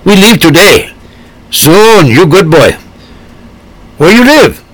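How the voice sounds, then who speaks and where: A man's voice: high voice, very animated, takes it slowly, fairly bright tone, no room sound, pitched above the performer's own voice, heavily acted, low-quality recording. Man voicing a kindly old woman, heavy accent, broken English, motherly, storybook reading. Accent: foreign-accented broken English. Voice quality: thick-accented, simple broken phrasing.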